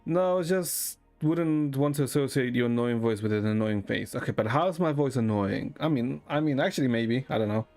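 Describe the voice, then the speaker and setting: A man streaming and chatting with viewers in a deadpan, rambling way, swearing now and then. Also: mid-range voice, moderate pace, hardly any pauses, faint music behind. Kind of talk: casual chat with viewers.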